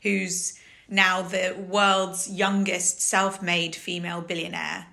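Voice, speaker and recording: A woman's voice: lowish voice, little pitch movement, slow, gravelly, bright, forceful tone. A woman co-hosting a casual podcast, chatting with a wry, joking manner. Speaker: podcast co-host. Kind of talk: casual chat.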